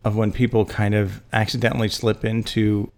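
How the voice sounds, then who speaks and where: Dry-witted middle-aged man, lowish voice. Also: level tone, normal speed, creaky. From Massachusetts. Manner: dry, self-deprecating, laughs often. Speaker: podcast co-host. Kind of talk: casual chat.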